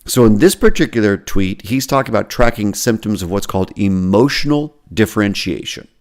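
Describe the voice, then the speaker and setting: A man's voice: on the low side, lively intonation, fairly quick, a little mellow. A man hosting a podcast, casually reading and commenting on social media posts with self-deprecating asides. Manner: self-deprecating, chatty, lots of restarts. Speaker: podcast host and therapy professor.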